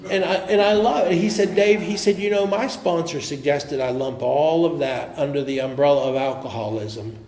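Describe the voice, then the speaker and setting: A middle-aged man with a fairly high voice tells his recovery story to a meeting. He talks earnestly, laughs easily and drops to a murmur now and then. The hall rings with echo over a faint hum of room noise. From Pittsburgh area. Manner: earnest and animated, quick to laugh, trailing off to a murmur. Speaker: AA speaker.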